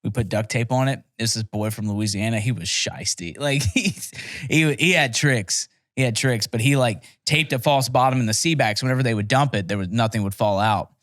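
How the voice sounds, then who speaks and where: A man's voice: medium pitch, fairly quick, a bit bright, no echo, studio quality. A young man telling rambling, profane stories in a casual podcast chat. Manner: rambling, profane storytelling with laughs. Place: podcast studio.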